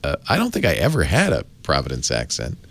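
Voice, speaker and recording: A man hosting a casual tech podcast, an animated storyteller who laughs often. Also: rumbling low, fast talker, gravelly, husky. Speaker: host.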